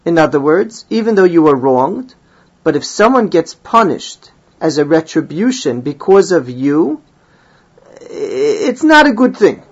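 A man's voice: high voice, lo-fi sound. A man teaching a Talmud class, reading Hebrew and Aramaic phrases and explaining them in English.

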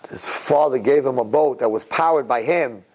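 A man giving an inspirational religious talk on a recorded message. He tells a parable with lively swings between hushed and excited delivery. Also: moderate pace. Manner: animated storyteller, swings between low and excited. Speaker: Jewish religious speaker. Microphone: recorded tape message.

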